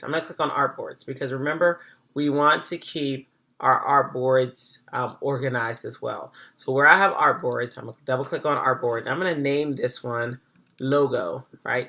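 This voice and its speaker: Chatty gravelly software tutor. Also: medium pitch. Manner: thinks aloud, chatty, self-correcting. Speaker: design instructor. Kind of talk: casual screen-recorded software tutorial.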